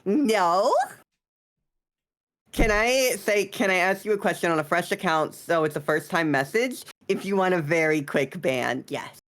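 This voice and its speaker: A woman's voice: fairly low pitch, measured pace. A woman streamer chatting casually on a live stream, teasing and bratty in a playful way.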